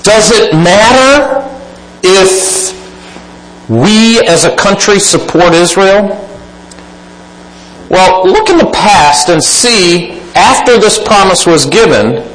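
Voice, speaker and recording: Male preacher, high lively voice, emphatic sermon delivery, roomy hall sound. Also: slow pace, slight background noise. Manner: emphatic, swings between loud exclaiming and quiet asides.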